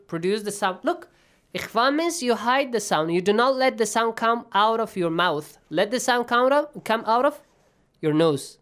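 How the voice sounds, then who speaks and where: A man's voice: sits high, animated, moderate pace, fairly bright tone, clear, resonant tone. A man teaching tajweed rules in an online Quran lesson, patiently quizzing his students.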